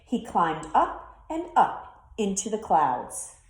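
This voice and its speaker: Slow, expressive woman teacher reading. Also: mid-range voice. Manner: expressive, storytelling. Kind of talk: reading a storybook aloud to children. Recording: roomy echo.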